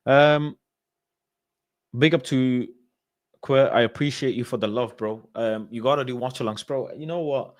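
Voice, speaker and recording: A man's voice: medium pitch, unhurried, pauses often, no echo, studio quality. A man hosting a call-in show, chatting casually, reading out viewer comments and arguing his points emphatically with lots of repetition. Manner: emphatic, repeats points for stress.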